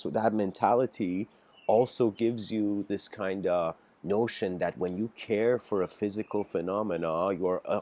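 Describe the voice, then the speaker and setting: A man giving an improvised philosophical lecture, halting and musing with frequent restarts. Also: deep voice, darkish tone.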